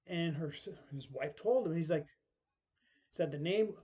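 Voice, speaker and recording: A middle-aged man recounts a personal story in loose, rambling talk. His voice sits a little high for a man yet sounds mellow and relaxed. He keeps tossing in tag questions and acting out what others said. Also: a little fast. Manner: rambling, full of tag questions and acted-out quotes. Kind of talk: casual spoken storytelling.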